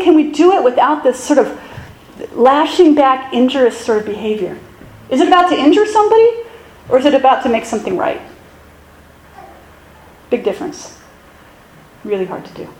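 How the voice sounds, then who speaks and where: A woman pastor giving a sermon in a conversational, self-deprecating way with animated asides. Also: on the high side, moderate pace, pauses often, roomy sound, slight background noise, low-quality recording.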